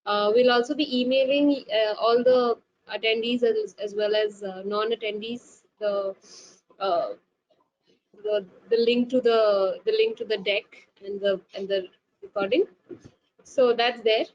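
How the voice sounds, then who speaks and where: A woman's voice: a little high, fairly even intonation, unhurried. A woman hosting a webinar, reading out audience questions politely with many fillers and repeated words. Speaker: webinar host. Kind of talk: moderating webinar Q&A. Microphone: video call. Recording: lo-fi web call with faint hiss.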